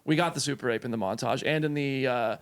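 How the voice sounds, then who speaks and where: A man hosting a casual film review podcast in a studio, talking in an excitable, enthusiastic way. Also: medium pitch, fast talker, clean tone. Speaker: podcast host.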